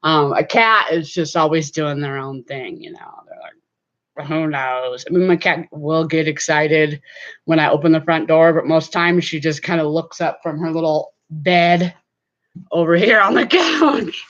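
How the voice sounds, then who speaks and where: A woman's voice: low-pitched, fairly even intonation, a little slow, dull audio. A middle-aged woman chatting casually to camera from her home, rambling with many fillers. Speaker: vlogger.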